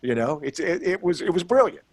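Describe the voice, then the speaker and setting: A man's voice: fairly high pitch, very animated, fairly quick, no room sound. A man hosting a radio show, asking joking, teasing questions in a casual interview over a video call. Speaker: radio host.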